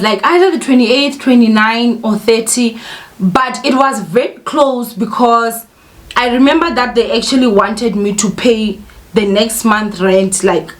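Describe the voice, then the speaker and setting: A young woman vlogger telling a personal story in an emotional, candid way, often turning to speak straight to her viewers. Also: a little high. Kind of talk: casual storytime monologue.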